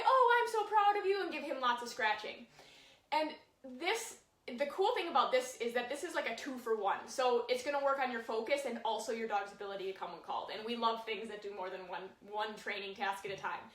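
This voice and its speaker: A woman's voice: on the high side, fairly bright tone. A woman dog trainer giving a casual lesson, talking chattily and showing points with her dog as she explains. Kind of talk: casual instructional talk. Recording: echoey room, voice from a distance.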